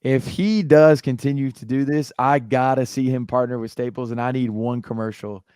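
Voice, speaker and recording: A man's voice: mid-range voice, fairly even intonation, normal speed, darkish tone, clear, resonant tone, no room sound, clean studio sound. A young American man co-hosting a podcast in casual chat, easygoing and joking, trailing off and restarting often. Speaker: podcast co-host.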